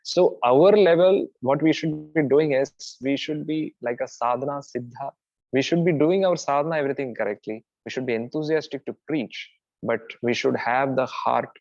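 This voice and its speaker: A man's voice: medium pitch, moderate pace, no room sound, dull audio. Earnest man giving a devotional talk. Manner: earnest, with soft laughs and restarts. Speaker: preacher.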